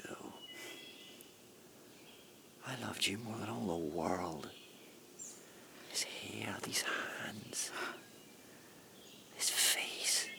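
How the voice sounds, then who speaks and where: An actor playing a bitter, brooding provincial schoolteacher in a radio play, swinging between loud outbursts and hushed whispers. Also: male voice, lowish voice, creaky, background noise, exaggerated voice.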